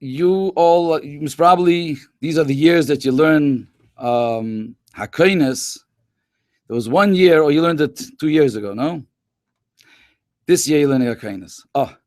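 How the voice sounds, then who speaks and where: A rabbi and educator tells stories to schoolchildren in a webinar, chatting conversationally and sprinkling in lots of Hebrew and Yiddish terms. His voice sits on the high side and moves unhurriedly, recorded at studio quality with no room sound.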